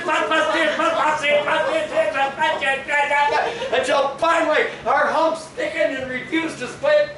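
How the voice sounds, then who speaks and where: A man playing Faust, brooding and volatile. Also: a little high. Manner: swings from hushed brooding to shouting outbursts. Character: weary, volatile male scholar, driven and bitter. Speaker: stage actor. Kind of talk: live theatrical monologue. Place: small live performance venue. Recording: roomy, distant mic, ambient noise.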